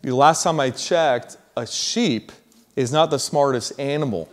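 A man's voice: medium pitch, unhurried. Casual storytelling male preacher. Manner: casual, slangy storytelling that builds to loud emphasis. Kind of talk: sermon storytelling.

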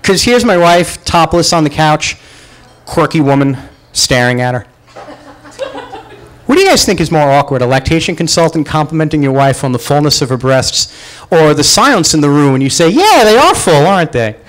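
A man telling a comic personal story live at a pub show, animated and self-mocking, acting out the voices he quotes. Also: fairly high pitch, moderate pace, rough recording. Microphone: far camera.

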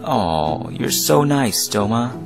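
A man's voice: medium pitch, sing-song, slow pace, gravelly, music in the background, full character voice. A man voicing a clingy, sly teenage girlfriend who talks in a simpering, coy way.

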